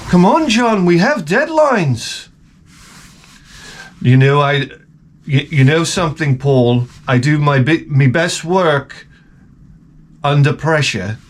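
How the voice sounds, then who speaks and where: A man's voice: a little high, lively intonation, takes it slowly, pauses often, a little hiss or hum. A man putting on an exaggerated English accent to mock bickering rock musicians. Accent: put-on English. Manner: exaggerated, mocking.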